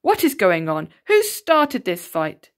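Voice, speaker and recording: A woman voicing an enraged strict schoolteacher, shouting slowly and sharply in a storybook reading. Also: mid-range voice, wildly swooping pitch. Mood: outraged. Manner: shouting, slow and outraged.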